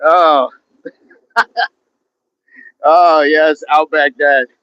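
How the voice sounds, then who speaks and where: A man's voice: a little high, fairly even intonation, extremely slow, sharp tone, clean tone, dry recording. A man hosting a fitness livestream outdoors, chatting casually and joking as he reads viewer comments. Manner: joking, chatty, laughs often. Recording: dull, dry, lo-fi sound.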